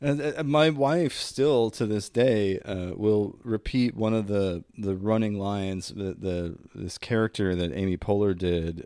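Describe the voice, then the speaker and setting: A man's voice: on the low side, fairly even intonation, a little slow, few pauses, dark tone, clean tone, no room sound, studio quality. A man co-hosting a podcast in casual banter, laughing often and swearing freely. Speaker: podcast co-host.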